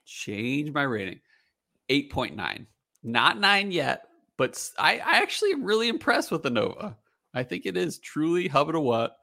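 A man's voice: on the high side, very animated, normal speed, gravelly, sharp tone. A man hosting a casual whiskey tasting podcast, thinking aloud as he settles on his ratings. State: has the hiccups. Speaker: podcast host.

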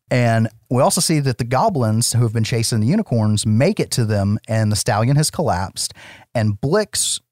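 A man from the United States co-hosting a casual film chat, animated, swearing and laughing often as he recaps the plot. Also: mid-range voice, no room sound, clean studio sound. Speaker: podcast co-host.

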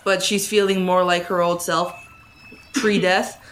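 A woman's voice: on the low side, little pitch movement, unhurried, fairly bright tone, slight background noise. A woman playing a tabletop role-playing game, easygoing and playful. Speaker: player. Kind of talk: casual tabletop play.

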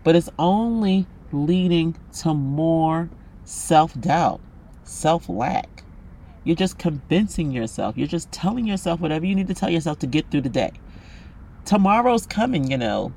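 Man, podcast host, gravelly, slightly high voice, blunt, profane, passionate monologue. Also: expressive, a little slow, mellow, a little hiss or hum. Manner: emphatic, talks straight at the listener. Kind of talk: unscripted solo monologue.

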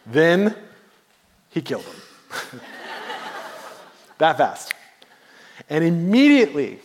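A man's voice: on the high side, sing-song, takes it slowly, long pauses. Male pastor preaching in a reverberant hall. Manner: storytelling, swings between hushed and emphatic. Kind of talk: sermon.

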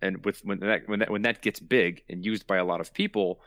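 Low-voiced man explaining with emphatic repetition. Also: steady tone, brisk, a bit bright, no room sound, studio quality. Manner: explanatory, repeats words for emphasis. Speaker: podcast host. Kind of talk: casual chat.

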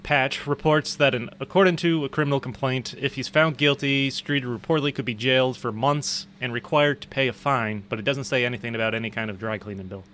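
A man's voice: mid-range voice, steady tone, fairly quick, few pauses, a bit bright, a little hiss or hum. A man co-hosting a casual podcast, joking, laughing often and reading news articles aloud. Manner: joking, laughs often, stumbles over place names. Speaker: podcast co-host.

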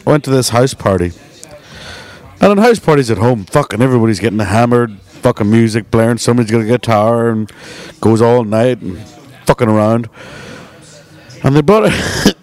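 A man's voice: mid-range voice, moderate pace, pauses often, darkish tone. A man speaking as a podcast guest in casual chat, blunt and profane, telling drinking stories. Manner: blunt, swearing, dismissive storyteller.

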